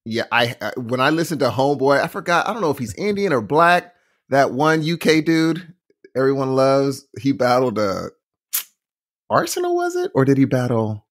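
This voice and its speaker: A man co-hosting a podcast, chatting casually with an animated, joking storytelling manner. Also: medium pitch, moderate pace. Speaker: podcast co-host. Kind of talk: casual chat.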